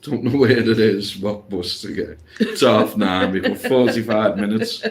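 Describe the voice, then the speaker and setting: Man, lowish voice, chatty travel anecdote, mimics people. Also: unhurried. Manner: chatty, laughs while acting out other people's voices. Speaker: co-host. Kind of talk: casual travel storytelling.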